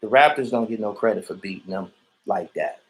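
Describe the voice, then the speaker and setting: A man's voice: lowish voice, a little fast, rough recording. Blunt man, street talk, repeats his points while answering comments on a livestream. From Erie, Pennsylvania. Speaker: vlogger reading viewer comments. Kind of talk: livestream rant reacting to comments.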